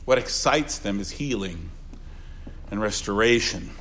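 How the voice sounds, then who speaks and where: Older man, pastor, funeral sermon, earnest, repeats phrases, soft asides and louder emphasis. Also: medium pitch, lively intonation, measured pace.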